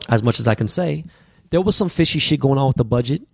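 A man from the US West Coast, a podcast guest, telling stories in an animated, profane, slang-heavy way. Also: medium pitch, quick pace, gravelly, breathy edge, dry recording. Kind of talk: casual storytelling interview.

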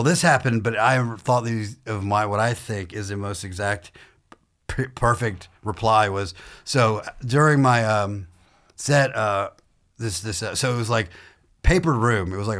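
A man's voice: fairly low pitch, a bit bright. A man who grew up in the southern US, a stand-up comedian telling rambling stories on a podcast. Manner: rambling, self-interrupting, laughs while telling stories. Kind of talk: casual storytelling chat.

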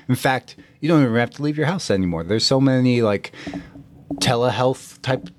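A man's voice: medium pitch, fairly quick. Blunt, profane man hosting a podcast. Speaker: podcast host. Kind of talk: casual motivational talk.

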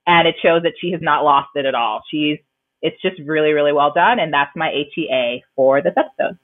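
A woman co-hosts a podcast in casual chat, using lots of fillers and laughing often. Her low-sitting voice runs a little fast, and the dry recording sounds tinny, like a phone line.

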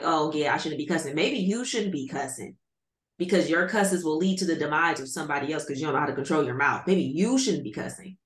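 A woman's voice: lowish voice, a bit bright. Blunt woman on an echoey podcast. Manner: blunt, opinionated. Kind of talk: casual chat. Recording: echoey room.

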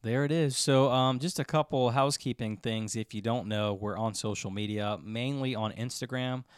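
A man's voice: medium pitch, normal speed, smooth, no room sound, clean studio sound. A man co-hosting a podcast, running through housekeeping in an easygoing, casual way. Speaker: podcast co-host.

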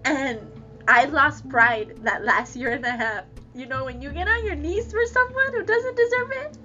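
A woman telling a personal story candidly, with emotional laughs and halting restarts. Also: high voice, sharp tone, lo-fi sound, soft background music. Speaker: guest sharing a personal story.

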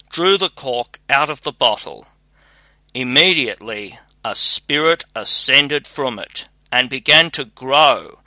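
Man, audiobook narration, unhurried, dry close recording. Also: medium pitch, sharp tone, dry recording. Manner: measured, unhurried storytelling. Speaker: audiobook reader. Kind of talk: scripted narration.

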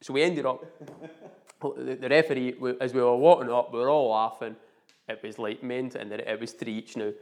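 A middle-aged man with a Scottish accent telling a story in casual chat, animated and laughing often. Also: medium pitch, moderate pace.

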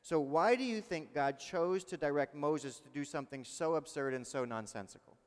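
A male pastor preaching a sermon in a lively, conversational way, asking the congregation questions. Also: a little high, moderate pace, in a large hall.

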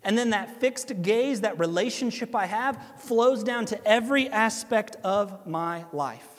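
Ohio pastor guy preaching, high voice, chatty asides, long hall echo. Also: a little slow. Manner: animated, conversational preaching with asides to listeners. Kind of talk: sermon.

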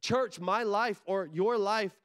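A man preaching a sermon as a pastor, telling a story with animated energy that climbs into excited shouts. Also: high-pitched, slow, smooth.

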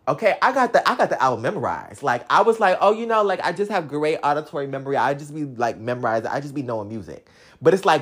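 A woman's voice: low voice, slightly rough. A young adult woman in a sassy, combative comic rant, bragging profanely about being the top fan. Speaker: comedic ranting fan. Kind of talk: comedic rant to camera.

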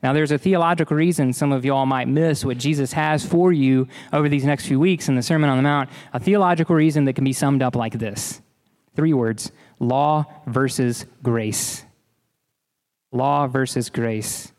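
A man's voice: a little high, a little fast, a little mellow, in a large hall. A man preaching a sermon in an earnest, emphatic way, often repeating key phrases. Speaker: pastor.

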